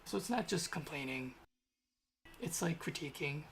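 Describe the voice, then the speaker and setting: A man's voice: a little high, lively intonation, moderate pace, a bit bright. A young man talking to himself as he codes on a stream, rambling and grumbling in a casual way. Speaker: programmer streaming his coding. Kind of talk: casual thinking aloud while coding.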